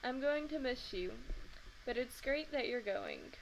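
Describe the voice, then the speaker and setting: A woman reading aloud, voicing a tired, affectionate mother who nags gently. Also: high voice, wildly swooping pitch, a little slow, muffled recording, a little hiss or hum, exaggerated voice. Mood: fond. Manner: gently nagging.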